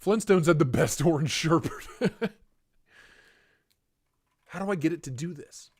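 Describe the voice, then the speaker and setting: A man's voice: fairly high pitch, a little slow, darkish tone, no echo, clean studio sound. A man hosting a casual livestream, joking and reading chat aloud in a playful way. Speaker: livestream host.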